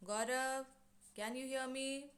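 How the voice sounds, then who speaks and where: A woman's voice: high voice, steady tone, slow pace, fairly bright tone. A woman teacher with an Indian English accent, patiently explaining each phrase in plain words during an online class over a video call.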